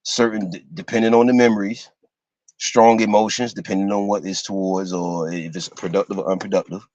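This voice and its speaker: A man giving an informal lecture to his listeners, halting and full of fillers, spelling out terms letter by letter. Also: deep voice, level tone, a little mellow, dry recording, muffled recording. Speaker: host teaching a class.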